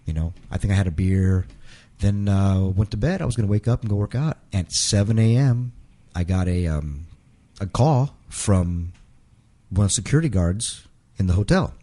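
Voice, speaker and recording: A man's voice: deep voice, lively intonation, moderate pace, warm tone. A man telling a long personal story in a casual interview, rambling and restarting and quoting others in his own voice. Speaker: interview guest.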